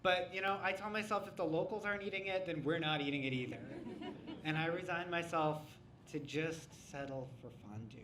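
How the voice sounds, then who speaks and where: A man tells a funny true story before a live audience, wry and animated. His voice sits a bit high. It rings around a reverberant hall, picked up from a distance with a faint hum underneath. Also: normal speed. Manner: wry, animated, comic timing.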